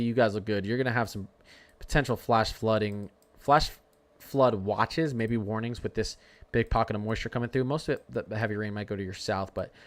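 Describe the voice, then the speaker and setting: A man's voice: on the low side, fairly bright tone. A young man hosts a casual live weather stream from his desk mic. He rambles, answers his chat, and slides into heated rants. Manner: rambling, ranting, talks to chat. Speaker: weather livestream host.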